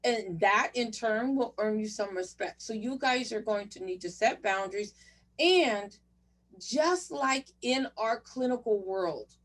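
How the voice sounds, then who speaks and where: A woman giving a leadership talk at a virtual conference, speaking directly and encouragingly to her audience. Her voice is fairly high. She sounds a little away from the microphone. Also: distant mic. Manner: direct, encouraging, addresses audience as "you guys". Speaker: conference speaker for chief residents.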